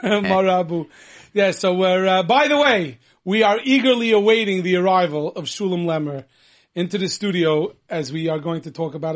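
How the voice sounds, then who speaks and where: A man hosting a radio music show, chatting eagerly in a studio and cutting in on his co-host. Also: high voice. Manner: enthusiastic, talks over his co-host. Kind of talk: casual radio chat.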